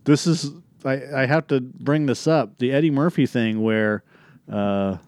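A man's voice: medium pitch, unhurried, clear, resonant tone, no echo. Rambling, profane male podcast host. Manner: rambling, profane, animated storytelling. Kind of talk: casual chat.

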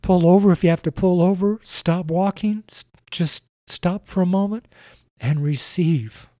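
A man's voice: sits high, unhurried, mellow, no echo, studio quality. A man preaching on a podcast, earnest and repetitive, speaking straight to the listener. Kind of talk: evangelistic podcast sermon.

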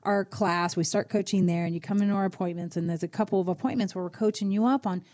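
A woman's voice: medium pitch, fairly even intonation, quick pace, darkish tone. A woman hosting a radio show as a financial advisor, coaching listeners in a direct, conversational way. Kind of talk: conversational radio advice talk.

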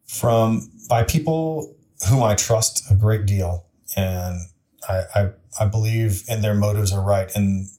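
Dark in tone and on the low side, this male voice belongs to a city council member in his forties. He's an interview guest, recounting a story with earnest, plainspoken candor and frequent false starts.

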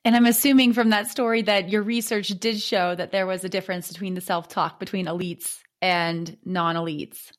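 A woman interviewer asking a measured, thoughtful follow-up question. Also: medium pitch, steady tone.

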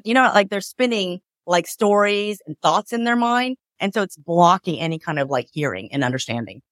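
A woman's voice: on the low side, expressive, moderate pace, few pauses, no echo, studio quality. A woman divorce mediator in a conversational interview, explaining with acted-out examples and lots of "like" and "right?".

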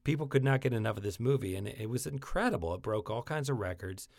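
Gravelly man in casual chat. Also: mid-range voice, expressive, fast talker, darkish tone, dry recording, clean studio sound. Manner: earnest, gets emotional and teary.

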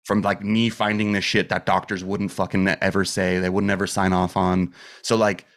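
A man's voice: low-pitched, little pitch movement, normal speed, a bit bright. A man guest on a podcast, telling a personal story in casual, candid talk full of swearing and fillers. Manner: rambling with restarts and fillers like "dude" and "like". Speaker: podcast guest, metal musician.

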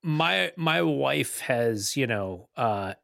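Man, podcast co-host, gravelly fry, hesitant and wry, dry recording. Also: mid-range voice, animated, drawn-out words, a bit bright, dry recording. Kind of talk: casual sports chat.

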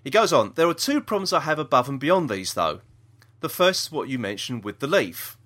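A podcast co-host with a South East London accent chats and reads out a listener's email, full of ums and restarts. His voice is a little high and fairly bright, with big pitch swings and a brisk pace.

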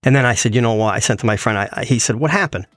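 A man's voice: medium pitch, rapid-fire, no room sound, clean studio sound. A man casually telling a personal story and acting out what others said in it. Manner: animated, quoting others in his retelling.

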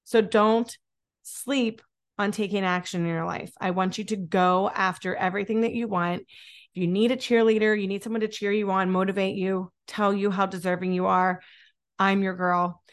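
A woman's voice: medium pitch, fairly even intonation, normal speed. A woman hosting a motivational podcast, talking in an upbeat, encouraging way and often repeating words for emphasis. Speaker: podcast host. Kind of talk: motivational solo podcast talk.

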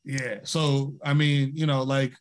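A man's voice: medium pitch, flat delivery, a little slow. An American man, a comedian guest on a podcast, chatting and telling stories in loose slang full of "like" and "you know". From United States. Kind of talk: casual chat, storytelling.

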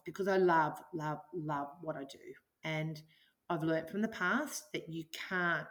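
A middle-aged woman speaking as an interview guest, earnest and enthusiastic, reflecting on her business and her life. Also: low voice. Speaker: guest, business owner and author. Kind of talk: podcast interview.

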